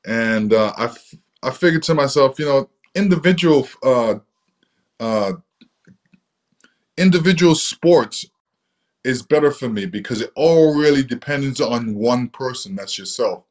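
A man's voice: medium pitch, expressive, measured pace. Easygoing man telling stories, filler-heavy. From England. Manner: easygoing, many fillers like "you know". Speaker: interview guest. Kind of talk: relaxed storytelling.

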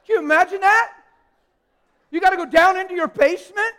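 A man preaching a live sermon in a church hall, emphatic and joking with the congregation, swinging from hushed asides to loud declarations. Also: very high voice, fairly quick. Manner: jokes with the congregation.

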